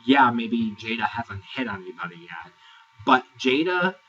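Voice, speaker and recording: A sassy man rants through a casual review with a bright, animated voice that swings up and down. He sounds exasperated and mocking. The recording is dull and lo-fi, and the mic sits some distance away. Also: a little slow, husky. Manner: sassy, exasperated, mocks people in high put-on voices. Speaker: reality TV reviewer. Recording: dull, lo-fi, voice set back from the mic.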